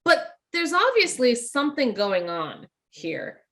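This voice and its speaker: Woman cohost, bright cutting tone, gets animated recapping scenes. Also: on the high side, slow. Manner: animated, acts out quoted lines. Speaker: podcast co-host. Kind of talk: casual movie discussion.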